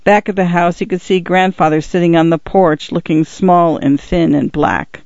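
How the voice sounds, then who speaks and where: A man narrating a story in a steady, even audiobook reading. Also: high voice, normal speed, dry recording. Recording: dull, lo-fi dry recording.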